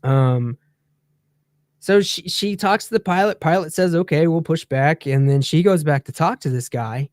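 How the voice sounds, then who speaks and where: A man's voice: on the high side, moderate pace, no echo. Heated, storytelling man on a dry mic. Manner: animated, heated storytelling with laughs. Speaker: guest on a talk show. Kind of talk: casual storytelling chat.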